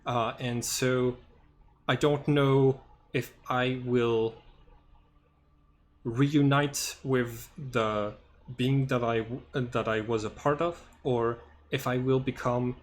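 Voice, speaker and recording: A man game master voicing a sentient computer intelligence that wants to return to the stars, in a slow, halting delivery. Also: mid-range voice, fairly even intonation, close to an everyday voice. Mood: measured.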